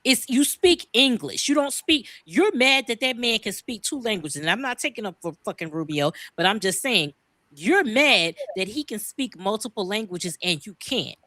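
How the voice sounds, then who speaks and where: Fired-up, bright-voiced woman ranting. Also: mid-range voice, expressive, moderate pace, no echo. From United States. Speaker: podcast co-host. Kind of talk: heated casual podcast talk.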